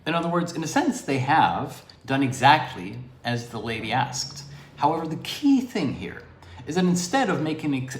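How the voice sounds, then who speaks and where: A man's voice: mid-range voice, echoey room. A man giving an improvised livestream lecture on philosophy, explaining expressively with asides, from a makeshift home studio. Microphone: device camera propped on DVDs.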